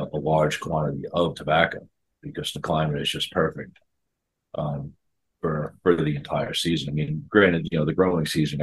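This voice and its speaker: A man with a very deep, slightly rough voice co-hosts a casual podcast, captured in a rough recording. He rambles and repeats words as he thinks out loud.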